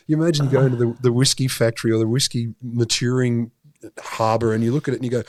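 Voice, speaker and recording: A man's voice: medium pitch, fast, no echo. Sardonic Australian man telling a story. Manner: animated, sardonic storytelling with swearing. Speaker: podcast co-host. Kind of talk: casual comedic science chat.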